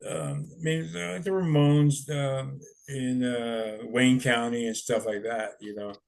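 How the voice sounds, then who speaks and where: A man's voice: medium pitch, fairly even intonation, slow, vocal fry. Older guy in his sixties, rambling punk stories, laid-back, cusses a lot. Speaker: interviewee, punk musician. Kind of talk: casual storytelling.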